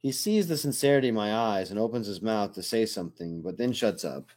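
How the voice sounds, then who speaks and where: Low-voiced man narrating an audiobook. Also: animated, brisk, a little mellow. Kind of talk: first-person audiobook narration.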